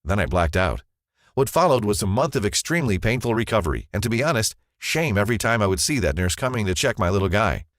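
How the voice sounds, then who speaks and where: A man's voice: fairly low pitch, a bit bright, dry recording, clean studio sound. A man narrating a scripted first-person advertisement as a confessional story.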